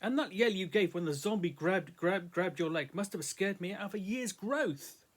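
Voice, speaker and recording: A woman's voice: medium pitch, expressive, normal speed, natural voice. A man reading aloud voices a teasing female adventurer.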